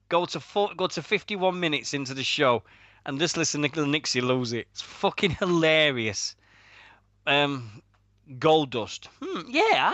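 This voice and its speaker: A man's voice: fairly high pitch, pushed and bright, no echo. A British man co-hosting a wrestling radio show, rambling through stories with plenty of swearing and laughing at his own jokes. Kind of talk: casual podcast banter.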